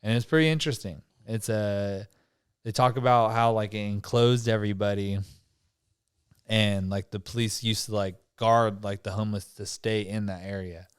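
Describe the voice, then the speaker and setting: A man's voice: on the low side, fairly even intonation, moderate pace, clean tone, dry recording, clean studio sound. A young man hosting a casual podcast chat, rambling with lots of fillers, swearing and laughing easily. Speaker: podcast host.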